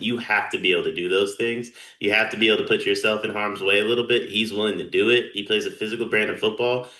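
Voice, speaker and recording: A man co-hosts a sports talk show with a fairly low but bright voice. He talks in an opinionated, rambling style. His voice echoes off the room around him.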